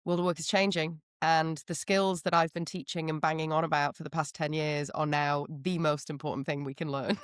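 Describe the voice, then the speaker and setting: A woman speaking as a podcast guest, candid and lively as she talks about her path. Her voice sits on the low side for a woman, and the recording is close and dry with no room echo. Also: brisk, few pauses, clear, resonant tone. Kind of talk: casual interview chat.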